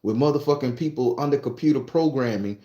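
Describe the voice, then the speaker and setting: A man's voice: mid-range voice, fast talker, mellow, reverberant. Profane, preachy spiritualist man. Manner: profane, preachy, joking asides. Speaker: spiritualist and tarot reader. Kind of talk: casual monologue to followers.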